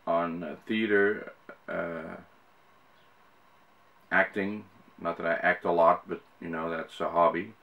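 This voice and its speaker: This middle-aged Dutch YouTuber from the Netherlands speaks English with an American-sounding accent, chatting casually to camera. He rambles with plenty of fillers and restarts, in a low voice with a fairly bright tone.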